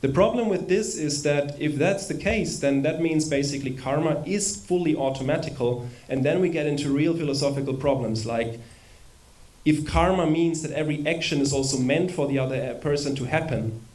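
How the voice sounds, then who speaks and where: Man giving a relaxed temple lecture. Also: fairly high pitch, fairly quick. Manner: conversational, with humorous asides and rhetorical questions. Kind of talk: informal spiritual lecture. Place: temple hall with a live audience.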